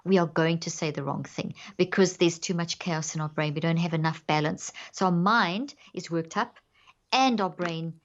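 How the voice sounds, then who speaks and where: A woman's voice: on the low side, normal speed, muffled recording. A woman guest on a podcast interview, explaining earnestly and acting out inner self-talk as examples.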